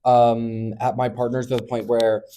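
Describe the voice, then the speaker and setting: A man's voice: mid-range voice, level tone, normal speed, warm tone. A young man co-hosting a podcast, chatting casually in a rambling way full of fillers. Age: young adult. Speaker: podcast co-host. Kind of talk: casual chat.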